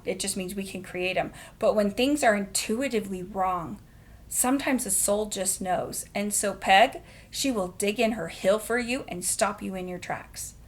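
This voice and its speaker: A woman hosting a podcast, telling a story in a casual, animated way and laughing often. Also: medium pitch. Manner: animated, laughs often, acts out quoted voices. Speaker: podcast host.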